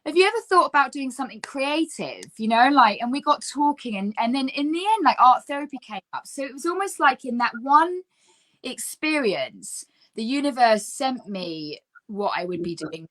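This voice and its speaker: A woman's voice: fairly high pitch, moderate pace. Chatty woman telling her story. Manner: chatty, lively, full of fillers like "like" and "yeah?". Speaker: guest. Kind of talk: casual conversational storytelling.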